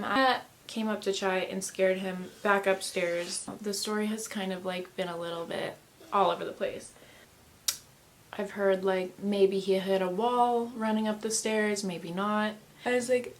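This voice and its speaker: A woman's voice: mid-range voice, fairly even intonation, moderate pace. A young woman vlogger telling an upsetting personal story, rambling with many fillers and quoting her family as she goes. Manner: rambling, filler-heavy, upset retelling with quoted dialogue. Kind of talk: emotional storytime vlog.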